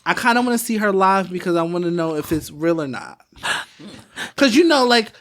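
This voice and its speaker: A man's voice: high voice, expressive, moderate pace, a bit bright. A man co-hosting a casual podcast chat, playful and campy, with a New York accent, laughing often. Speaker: podcast co-host.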